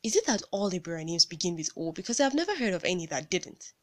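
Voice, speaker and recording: A man's voice: high-pitched, very animated, fast, a bit bright. A woman voicing a curious, friendly young man. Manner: good-natured, innocently curious.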